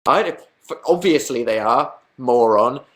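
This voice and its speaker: A man's voice: medium pitch, animated, measured pace, a bit bright. A young man from England answering viewers' questions in a casual live stream, rambling, mocking himself and swearing freely. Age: young adult. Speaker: YouTuber answering live chat.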